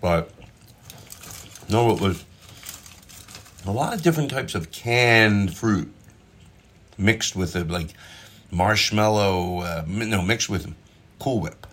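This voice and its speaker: Middle-aged male comic, very low voice, loose rambling kitchen chat with the odd swear, phone mic on the counter. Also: lively intonation, takes it slowly, pauses often, a bit bright. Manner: rambling, self-interrupting, with mild swearing. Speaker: comedian hosting his own show. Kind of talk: casual chat while cooking and eating. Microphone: phone propped up nearby.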